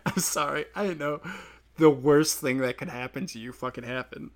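A man rambling alone on his podcast, swearing freely, laughing at his own jokes and breaking into quick impressions of other people. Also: on the high side. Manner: acts out quoted people in sudden bursts. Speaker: podcast host. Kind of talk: solo podcast rant.

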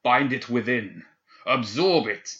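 A man's voice: lowish voice, moderate pace, sharp tone, lo-fi sound. A man voicing a stern, commanding male necromancer who urgently instructs his apprentice.

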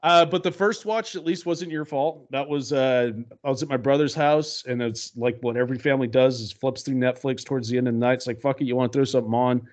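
A man's voice: mid-range voice, fairly even intonation, fast talker, few pauses, a little mellow. Sardonic laughing man, casual podcast chat. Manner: laughing, sardonic, swears freely. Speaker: podcast co-host.

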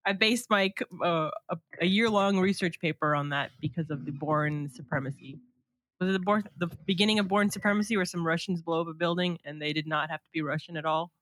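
A woman's voice: lowish voice, fairly quick, fairly bright tone, dry recording. A woman chatting on a podcast in a playful, giggly way. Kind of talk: casual chat.

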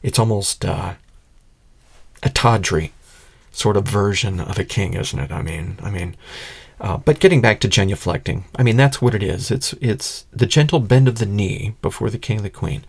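A man hosting a solo political commentary podcast, talking in an exasperated, sarcastic way with a gravelly voice. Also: lowish voice, normal speed. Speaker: podcast host.

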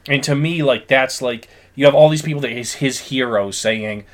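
A man's voice: mid-range voice, normal speed. A man co-hosting a podcast in casual chat, earnestly retelling film scenes. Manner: earnest storytelling, acts out quotes. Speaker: podcast co-host.

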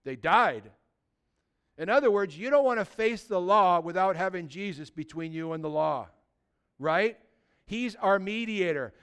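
A man preaching a sermon as pastor, animated and conversational, with lots of rhetorical questions, swinging from loud emphasis to hushed tones. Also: sits high, measured pace, clean tone.

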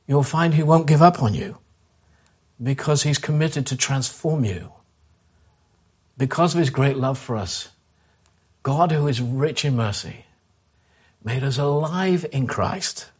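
A man with a husky, medium-pitched voice preaches as a pastor, repeating key lines and pushing listeners with direct earnestness. He shifts to a soft, slow voice to lead prayer.

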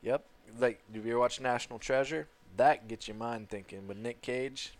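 Casual male podcast co-host, rambling and joking, mid-pitched voice. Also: moderate pace. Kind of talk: casual chat.

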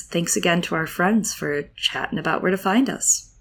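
A woman co-hosting a podcast in playful, animated casual chat. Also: lowish voice, moderate pace. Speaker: podcast co-host.

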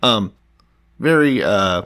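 Podcast co-host, male, lowish voice, loose and irreverent, reads Bible passages verbatim. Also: expressive, slow pace, a bit bright. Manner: reads scripture aloud, joking and profane. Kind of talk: casual irreverent Bible discussion.

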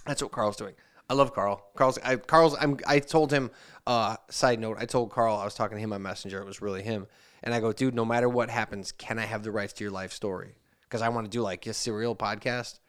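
A man with a smooth, resonant voice hosts a casual podcast chat. He tells a long, rambling anecdote and slips into little voices to quote the messages in it. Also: lowish voice, steady tone, a little fast, fairly bright tone. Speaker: podcast host.

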